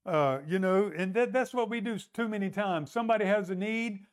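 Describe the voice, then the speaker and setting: Man preaching, high voice, acts out the quoted voices. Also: fairly quick, hardly any pauses. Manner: retells the story, acting out the voices in quotes. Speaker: pastor. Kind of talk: sermon.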